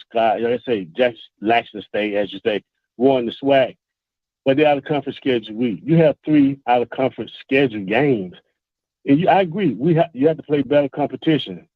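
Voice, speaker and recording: A man's voice: medium pitch, no echo. Earnest male caller on a tinny phone. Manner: earnest, halting, repeats words. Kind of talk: call-in sports talk. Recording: dry, tinny phone line.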